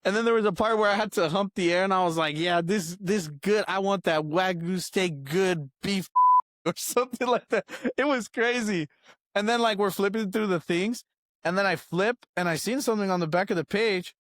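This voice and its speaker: A man's voice: high voice, brisk, fairly bright tone, no room sound. A young man co-hosting a podcast, rambling through a story, laughing often and acting out quoted lines. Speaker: podcast co-host. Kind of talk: casual storytelling chat.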